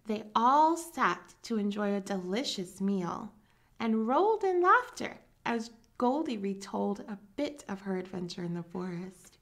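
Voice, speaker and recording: Woman storyteller, higher pitch, slow gentle read-aloud for kids. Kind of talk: children's story reading.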